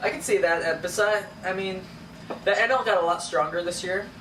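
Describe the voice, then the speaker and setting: A man's voice: high-pitched, brisk, fairly bright tone. A man co-hosting a sports podcast, bantering in a laid-back, slangy, casual way. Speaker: podcast co-host. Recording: echoey room from far off, faint noise.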